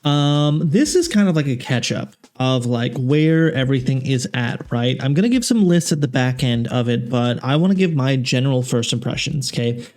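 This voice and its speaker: A man's voice: medium pitch, expressive, moderate pace, few pauses, darkish tone. A man hosting a casual tabletop game analysis, rambling and correcting himself as he goes, frank with his opinions. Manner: rambling, self-correcting, filler-heavy. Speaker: tabletop game channel host.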